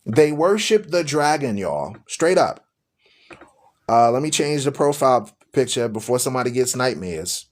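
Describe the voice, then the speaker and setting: A man's voice: mid-range voice, sing-song, normal speed. A man hosting a live-streamed religious talk show, speaking to his listeners in a preachy, repetitive way. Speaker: radio show host.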